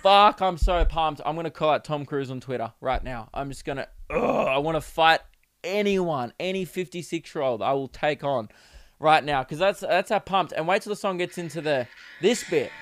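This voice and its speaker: A young man hosting a comedy podcast, riffing in a profane, laughing, animated way. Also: on the high side, moderate pace, no echo, clean studio sound. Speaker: podcast host. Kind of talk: solo comedy podcast rant.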